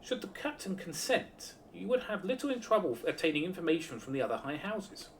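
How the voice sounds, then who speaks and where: A man reading a calm scheming court adviser. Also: on the high side, brisk, noisy background, pitched above the performer's own voice.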